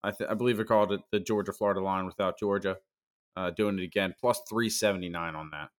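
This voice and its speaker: Low-voiced laid-back man. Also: fairly even intonation, fast talker. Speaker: co-host giving betting picks. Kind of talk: casual podcast banter.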